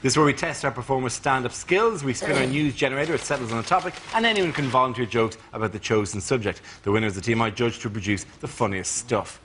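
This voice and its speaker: A man hosting a comedy panel show, briskly announcing the rounds in a TV studio. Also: mid-range voice, a bit bright, slight background noise. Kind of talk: scripted presenting. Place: TV studio with audience.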